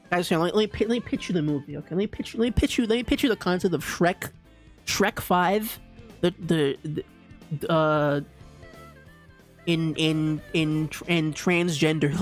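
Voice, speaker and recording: A young man streaming live, rambling casually and stammering through many restarts and repeats. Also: a little high.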